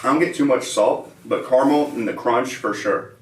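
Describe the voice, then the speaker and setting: A man co-hosting a casual protein bar taste test, reading out labels in a relaxed way. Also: medium pitch, moderate pace. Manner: relaxed, reads out nutrition labels. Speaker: co-host reviewing protein bars. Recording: roomy, mic at a distance, faint ambience.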